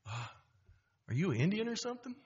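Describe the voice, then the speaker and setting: A man's voice: high voice, sing-song, a little fast, darkish tone, a little hiss or hum, pitched above the performer's own voice. A man voicing a friendly, eager young male art student who jokes around, quoted inside a dull recording of a talk. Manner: eager, joking.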